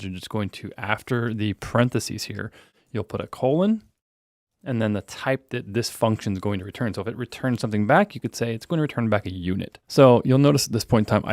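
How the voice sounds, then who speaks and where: Male coding instructor, lowish voice, dry close mic, relaxed step-by-step explaining. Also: no room sound. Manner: relaxed explaining, thinking aloud while typing code. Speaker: programming instructor. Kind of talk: screen-recorded coding tutorial.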